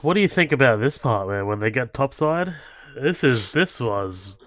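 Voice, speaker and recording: A man co-hosting a podcast, talking about a film in an excited, profane way. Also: medium pitch, normal speed, no echo, clean studio sound. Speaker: podcast co-host. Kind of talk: casual film commentary chat.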